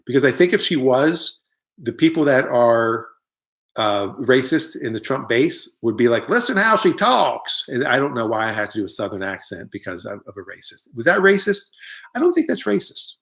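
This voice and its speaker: A man's voice: medium pitch, expressive, normal speed, fairly bright tone. Rambling, opinionated middle-aged comic man. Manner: rambling, opinionated, jokey asides. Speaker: comedian hosting a live online show. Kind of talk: casual comic monologue reading viewer comments.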